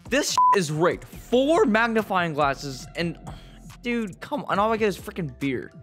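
A man's voice: high-pitched, very animated, a little slow, over music. A young man giving gameplay commentary, swinging between nervous muttering and frustrated outbursts. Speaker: gaming YouTuber.

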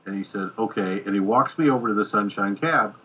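A middle-aged man with a low, husky voice that carries a bright, forceful edge. He tells a long anecdote in a casual interview, slipping into the voices of the people he quotes. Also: brisk, poor audio. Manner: animated anecdote-telling, acting out quoted dialogue. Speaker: screenwriter guest. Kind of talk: casual storytelling in a podcast interview.

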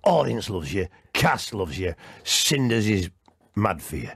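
A man putting on the voice of a blunt, boastful older male entertainer with a low growl. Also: big pitch swings, a little slow, gravelly, a bit bright, breathy edge, no echo, studio quality, heavily acted. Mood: gruff.

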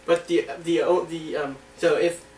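A man's voice: fairly high pitch, level tone, unhurried, darkish tone. A man bantering playfully with his mother at home, rambling from one joke to the next. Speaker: son in a family vlog. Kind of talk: casual family banter. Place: home kitchen. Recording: echoey room, distant voice, faint hum.

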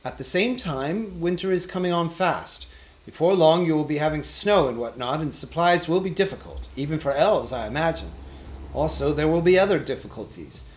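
A man voicing a small, fussy, businesslike male hobbit in an audiobook, prim and a little squeaky. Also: lively intonation, normal speed, close to an everyday voice. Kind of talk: audiobook character reading.

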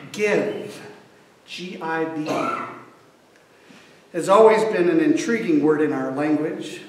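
A male pastor delivering a sermon, telling a story with acted voices, in an echoey church, heard from far off. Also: on the high side.

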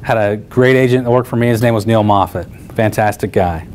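Animated man teaching with retold stories. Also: lowish voice, fairly quick, soft background music. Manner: animated, acts out both sides of dialogues. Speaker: real estate coach.

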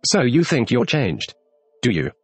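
A man voicing a sleepy, stern caterpillar who speaks slowly and curtly with contempt. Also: medium pitch, huge pitch swings, husky, no room sound, soft background music, full character voice. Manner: slow, curt and contemptuous. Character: languid stern caterpillar, male, curt and sleepy.

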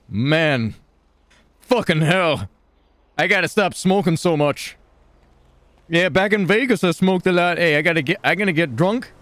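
A man's voice: sits high, a bit bright, dry recording. A man playing a stoned, hyper male gambler and self-styled entrepreneur who rambles and repeats catchphrases in a game role-play. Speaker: role-player.

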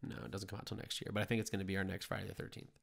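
A young man co-hosting a podcast in casual chat, chatty and quick to laugh. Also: low voice, gravelly. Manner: laughs often, chatty and excitable. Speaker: podcast co-host.

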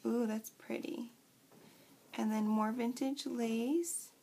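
A woman vlogger chatting casually as she unboxes craft supplies, gushing and excitable. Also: a little high, slow pace.

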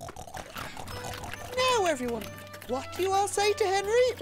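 A woman's voice: very high-pitched, big pitch swings, slow, music in the background, full character voice. Motherly cartoon pig. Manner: warm, coaxing mother.

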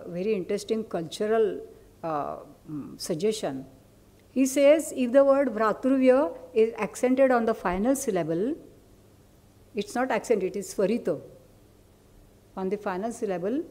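Mellow-voiced Indian woman lecturing. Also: mid-range voice. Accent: Indian English. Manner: explanatory, with asides and questions to the audience. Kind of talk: academic lecture.

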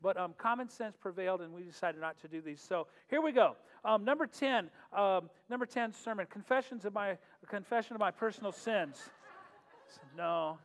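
At normal speed, a high-voiced pastor leading a worship night keeps things chatty and humorous, laughing a lot before moving into prayer. The sanctuary adds a long reverb, and music plays faintly behind him.

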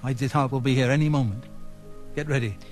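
A man's voice: medium pitch, steady tone, quick pace, over music, lightly acted. An actor playing a nervous, fussy male nobleman in a video game, flustered and apologetic, with an overdone foreign lilt.

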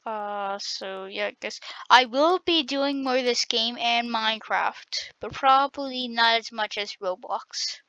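A woman giving excitable, trash-talking commentary while playing a game on her channel. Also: on the high side, measured pace, few pauses, dry recording. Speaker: gaming channel host. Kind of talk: gameplay commentary. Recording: dull lo-fi recording.

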